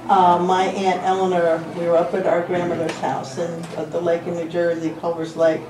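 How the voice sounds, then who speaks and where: A woman's voice: lowish voice, monotone, moderate pace. A woman sharing family memories at a memorial dinner, telling them in a laughing storyteller's way. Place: dinner gathering in a room. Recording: distant mic in an echoey, noisy room.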